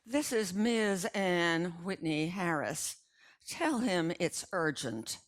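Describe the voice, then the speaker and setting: A woman voicing a stern, proper grandmother who gives sharp orders and soothes the babies, in a slow storytelling read. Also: lowish voice, expressive.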